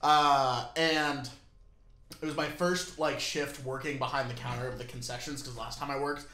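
A man's voice: medium pitch, steady tone, moderate pace, bright, forceful tone, reverberant. A young man and podcast co-host in casual chat, joking, teasing and swearing freely.

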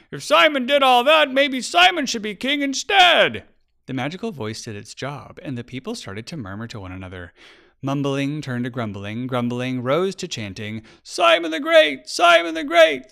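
A man narrating a children's storybook aloud with a gravelly voice and expressive, lively delivery. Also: medium pitch.

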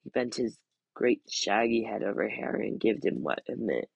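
Casual male podcast reader, steady storybook reading with a gravelly, husky tone. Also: fairly low pitch, moderate pace, dry recording, rough recording. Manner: steady, plain reading with small slips and restarts. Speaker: podcast host reading a book aloud. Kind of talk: reading a novel aloud and reviewing it.

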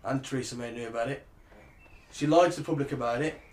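A man's voice: mid-range voice, fast talker, a little mellow. A man co-hosting a podcast, talking indignantly and often finishing the others' sentences. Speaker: podcast co-host. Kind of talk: casual chat. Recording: roomy echo.

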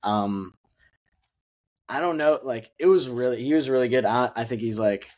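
The young man here, one of a podcast's co-hosts, speaks at a normal speed with a medium-pitched, darkish voice. It's a casual movie review chat, and he rambles with many fillers and false starts.

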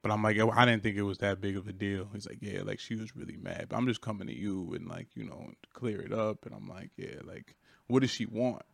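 A man's voice: fairly low pitch, fairly even intonation, fairly quick, vocal fry, a bit bright, no room sound. A young man casually telling a long work story on a podcast, laid-back and slangy with plenty of swearing. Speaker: podcast co-host.

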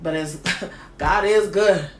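Animated woman telling a story in an echoey room. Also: fairly low pitch, slow pace, slight background noise. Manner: animated, slangy, laughing storyteller. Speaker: host. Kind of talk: casual storytelling chat.

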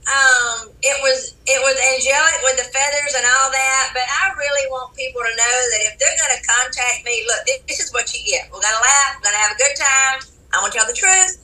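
A Southern American woman, a psychic medium as a podcast guest, talking in an earnest, gentle spiritual way with frequent restarts. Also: sits high, brisk. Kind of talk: casual interview talk. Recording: echoey room, distant from the mic.

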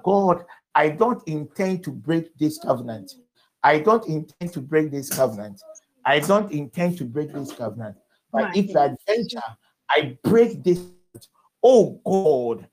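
High, gravelly-voiced man preaching. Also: low-quality recording. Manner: earnest, exhorting congregation. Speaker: pastor. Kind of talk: evening service sermon and leading prayer.

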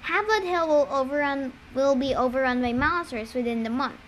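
A woman voicing a smooth-talking young villain. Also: high-pitched, normal speed, slight background noise. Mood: smooth, persuasive. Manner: smooth, calm and persuasive.

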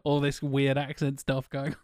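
A man's voice: mid-range voice, monotone, normal speed, a little mellow, no room sound, clean studio sound. A man co-hosting a casual podcast, telling chatty stories with frequent laughs. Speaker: podcast co-host and actor. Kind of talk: casual chat.

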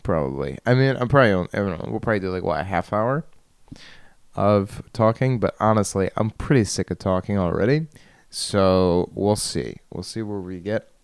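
Low-voiced man rambling on a solo podcast. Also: moderate pace, creaky, clear, resonant tone, dry recording, studio quality. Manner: self-deprecating, laughs often, trails off and restarts. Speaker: podcast host. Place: bedroom. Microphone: studio microphone at a computer.

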